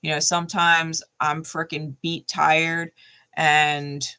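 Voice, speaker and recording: A woman's voice: deep voice, level tone, slow, bright, forceful tone, smooth. A middle-aged woman giving a casual tarot card reading, blunt and profane, laughing often.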